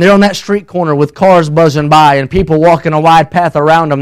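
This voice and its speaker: A male preacher with a notably high-pitched voice. He preaches a sermon, climbing into shouts and then dropping to hushed, slow storytelling. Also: steady tone, clear, resonant tone.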